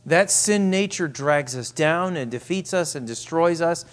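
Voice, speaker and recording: Emphatic male preacher, fairly high voice. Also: animated, measured pace. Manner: emphatic, repetitive preaching, dropping to soft asides. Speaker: pastor. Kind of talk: sermon.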